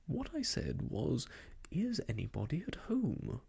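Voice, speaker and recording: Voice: mid-range voice, huge pitch swings, creaky, a little mellow, husky, full character voice. Pooh, a reader doing a humming bear. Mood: puzzled. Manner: hums, slow and simple-minded. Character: cheerful greedy bear, male, simple. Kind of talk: whispered role-play.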